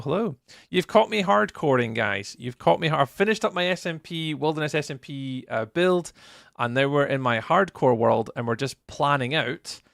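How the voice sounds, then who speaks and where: Lively gravelly Scottish man streaming. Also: medium pitch, no room sound, clean studio sound. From Scotland. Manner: chatty, greets viewers by name. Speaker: livestreamer. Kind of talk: casual live gameplay commentary.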